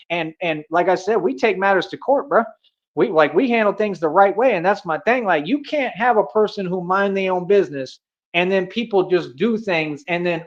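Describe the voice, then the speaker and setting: A young man from the States rants straight at his viewers, cocky and combative, full of street slang. His voice sits high for a man. The stream audio is a bit dull and muffled. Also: animated, normal speed. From United States. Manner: boastful, confrontational street slang. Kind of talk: casual rant to camera.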